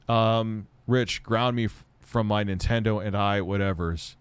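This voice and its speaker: A man's voice: on the low side, fairly even intonation, measured pace, few pauses, clean tone, no room sound. A man answering viewer questions on a casual live stream, blunt and rambling, often heated and swearing.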